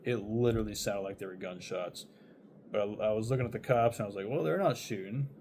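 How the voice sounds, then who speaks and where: Young man, lowish voice, rambling storytime, swears a lot, faint background noise. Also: fast talker, darkish tone. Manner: rambling, swearing, laughing between thoughts. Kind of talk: casual storytime.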